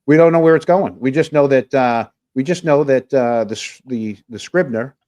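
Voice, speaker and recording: A man co-hosts a laid-back livestream talk show, rambling through viewer comments and using lots of fillers. His voice is mid-range, a bit mellow, and moderately paced.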